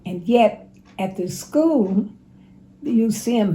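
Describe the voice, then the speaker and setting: A woman in her nineties, plainspoken and unhurried, recounting her life and giving advice in an interview. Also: a little high, lively intonation, warm tone, poor audio. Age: 90s. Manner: slow, plainspoken, unhurried storyteller. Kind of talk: casual spoken reminiscence.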